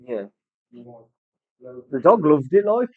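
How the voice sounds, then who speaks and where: A man's voice: high voice, expressive, slow pace, no echo. A man with a British accent telling a casual story, swearing often and acting out other people's voices. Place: tattoo studio. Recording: dry, slightly dull sound.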